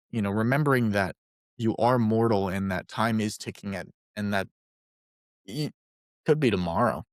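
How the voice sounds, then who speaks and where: Chatty, playful man, dry close sound. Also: no room sound. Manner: chatty, playful, jokes in silly high voices. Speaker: podcast co-host. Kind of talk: casual podcast chat.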